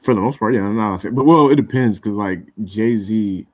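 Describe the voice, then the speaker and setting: A man's voice: fairly low pitch, normal speed, no room sound. A young man chatting casually on a podcast, rambling with lots of fillers and restarts. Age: young adult. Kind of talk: casual chat.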